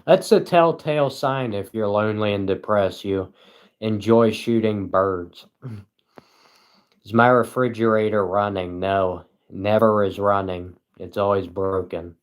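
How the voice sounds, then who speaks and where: A man livestreaming at home, reading chat aloud and answering with deadpan sarcasm and frequent chuckles. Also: lowish voice, unhurried.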